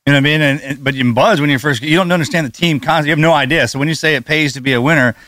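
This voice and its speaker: A man co-hosting a podcast, talking in a relaxed, reflective way and laughing easily. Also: on the high side, very fast, no echo, clean studio sound. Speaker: podcast co-host. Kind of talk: casual conversational chat.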